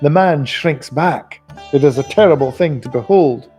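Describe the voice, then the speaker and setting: A man reading a novel aloud in a live reading, expressive and giving the characters voices. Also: on the high side, normal speed, soft background music. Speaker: audiobook reader.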